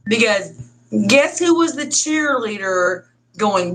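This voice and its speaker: A woman's voice: fairly high pitch, animated, normal speed, fairly bright tone, slight background noise, rough recording. A woman co-hosting a podcast, chiming in during a casual chat with short, stern quips. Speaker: podcast co-host.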